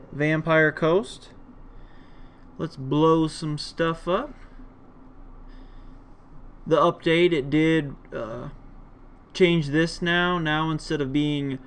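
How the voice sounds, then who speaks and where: A man's voice: a little high, smooth. A man hosting a casual gameplay commentary video, rambling with many fillers. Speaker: gaming video host.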